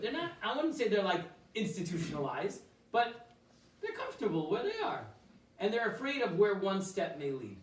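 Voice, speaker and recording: A man gives an informal Torah class, voice a touch higher than most, tossing out rhetorical questions and quoted Hebrew. He sounds set back from the mic in a roomy hall with a faint hum of ambience. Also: recorded from a distance. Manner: animated, full of rhetorical questions and asides; mixes in quoted Hebrew phrases. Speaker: rabbi teaching a class. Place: synagogue hall.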